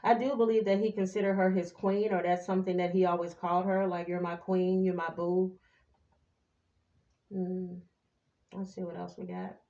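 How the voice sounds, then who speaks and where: A woman's voice: lowish voice, level tone, normal speed, vocal fry, mellow, roomy sound, muffled recording. A woman doing a casual tarot reading for her viewers, sassy and chatty, now and then singing a few lines. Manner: chatty, sassy, breaks into snatches of song. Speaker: tarot reader.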